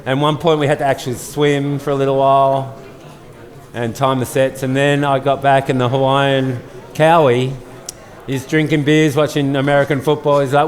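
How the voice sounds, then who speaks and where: A man's voice: medium pitch, level tone, moderate pace. A man in his fifties with an Australian accent, telling a story casually with many fillers and restarts. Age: 50s. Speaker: guest storyteller. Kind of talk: casual storytelling at a live event. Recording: long hall reverb.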